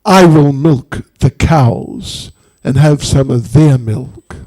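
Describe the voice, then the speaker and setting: A man's voice: mid-range voice, slow pace, warm tone. A man voicing a small, stubborn boy god who sulks and insists on getting his way while retelling a sacred story. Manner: petulant, insistent.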